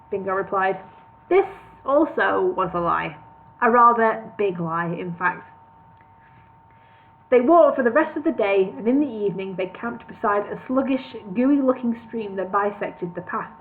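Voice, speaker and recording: A woman narrating a comic fantasy novel aloud, relaxed, with the odd slip and restart. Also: medium pitch, normal speed. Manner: relaxed reading with slips and restarts. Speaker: reader of a parody novel. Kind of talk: storybook narration read live. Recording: tinny phone-like sound.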